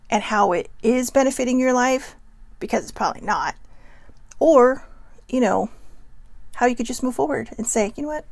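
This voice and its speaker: Frank gravelly woman hosting a talk. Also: fairly high pitch, no echo. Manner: frank, swears freely, many "you know" and "okay?" asides. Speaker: host. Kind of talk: casual motivational talk to camera.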